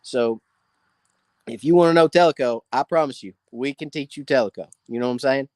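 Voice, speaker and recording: A man's voice: mid-range voice, fairly quick, darkish tone, no room sound. A man hosting a casual live fishing Q&A, greeting viewers by name. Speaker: fishing channel host. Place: outdoors by a campfire.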